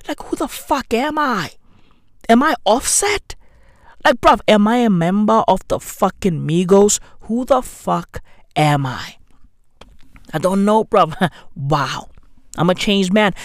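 A London comedian and podcaster rants slowly in a fairly high voice, full of slang, sardonic and peppered with mock apologies. The profane comedic monologue is captured on a new studio microphone, dry and clean.

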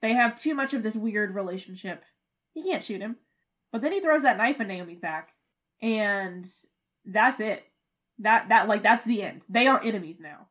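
A young woman with a mid-range voice and moderate pace co-hosts a podcast in casual chat. She's animated, laughs often, and swears freely.

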